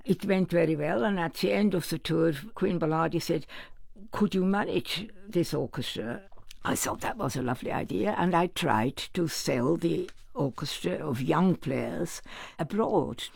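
A man's voice: on the high side, moderate pace, dry recording. An older man, a former orchestra manager, telling anecdotes in an interview. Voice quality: very gravelly. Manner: warm anecdotal storytelling with quoted voices. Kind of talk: reminiscing interview answers.

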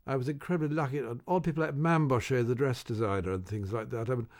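A man's voice: medium pitch, steady tone, fast, darkish tone. An older man, a radio interview guest, telling wry stories in an anecdotal way with hesitant restarts.

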